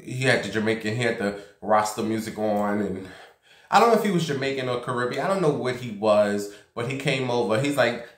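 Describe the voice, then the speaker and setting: A man's voice: mid-range voice, animated, brisk. A man vlogging casually from a basement room at home, telling a gossipy story and acting out the voices of the people in it. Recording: roomy echo.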